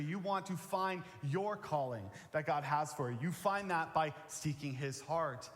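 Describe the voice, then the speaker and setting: Pastor, man, slightly high voice, conversational sermon with repeated key lines, long church reverb. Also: lively intonation, moderate pace, few pauses, a bit bright. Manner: earnest, plain-spoken, repeats key phrases. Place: church sanctuary.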